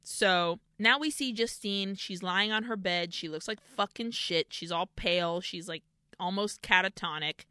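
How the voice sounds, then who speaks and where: A woman co-hosting a podcast, recapping a horror film in casual, animated chat, swearing freely and acting out the characters in quick quotes. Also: on the low side, smooth, no room sound, studio quality. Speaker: podcast co-host.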